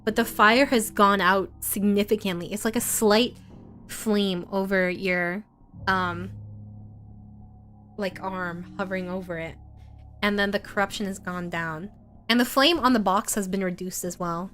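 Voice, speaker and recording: Woman streamer running a spooky story for chat, teasing and playful, mid-pitched voice, bit of music underneath. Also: steady tone, a little slow, a bit bright. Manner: playful, teasing, reads chat comments aloud. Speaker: streamer and game master. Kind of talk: live-stream narration of an interactive horror story.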